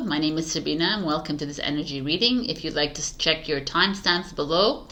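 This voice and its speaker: Female tarot host, slightly low voice, casual and giggly, talks to camera. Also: moderate pace, sharp tone. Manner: giggly, flustered, restarting intro. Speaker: tarot reader.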